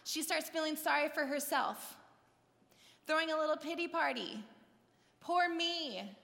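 Woman preacher, high voice, lively and chatty, acts out scenes, with a long hall echo. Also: moderate pace, vocal fry. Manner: conversational, asks the audience questions. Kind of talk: sermon.

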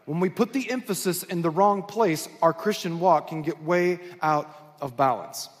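High-voiced pastor preaching in a reverberant church. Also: male voice, moderate pace. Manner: conversational, asks the congregation questions. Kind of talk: sermon. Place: church sanctuary. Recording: long hall reverb.

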